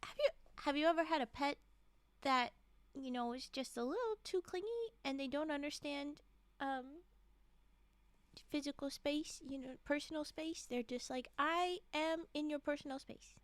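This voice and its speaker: A woman reading holiday stories on a live stream, slightly hoarse from a frog in her throat, often breaking off to chat and giggle with viewers. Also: high voice, moderate pace, no echo.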